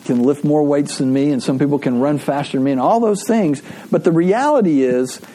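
A man's voice: on the high side, mellow. A man preaching a sermon, telling stories in a conversational way with frequent restarts.

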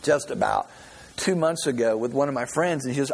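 A man's voice: mid-range voice, fairly quick, vocal fry, husky. A male pastor giving a conversational sermon, telling stories in a folksy way and often restarting his sentences. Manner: folksy storytelling with frequent restarts.

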